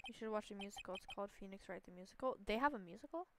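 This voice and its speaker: A woman's voice: medium pitch, animated, rapid-fire, few pauses, background noise. Playful woman reading game dialogue. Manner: playful, giggly, reads characters in varied voices. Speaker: gaming streamer.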